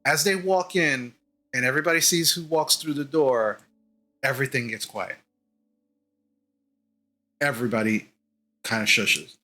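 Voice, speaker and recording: A man's voice: medium pitch, unhurried, long pauses, pushed and bright, faint music behind. A man narrating a tabletop game as game master, hesitant with many fillers.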